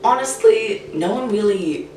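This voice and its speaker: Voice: mid-range voice, animated, measured pace, warm tone, a little hiss or hum. A teenager speaking frankly in a casual interview, full of "like" fillers. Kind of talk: candid personal interview. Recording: roomy sound from a distant mic, faint music.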